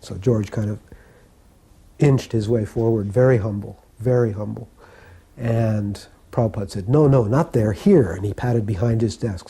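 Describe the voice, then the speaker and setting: A man in his sixties telling personal memories in an unhurried, reflective way, pausing as he recalls details. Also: on the low side, mellow, breathy edge. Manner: unhurried, reflective storytelling with pauses. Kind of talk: spoken personal reminiscence.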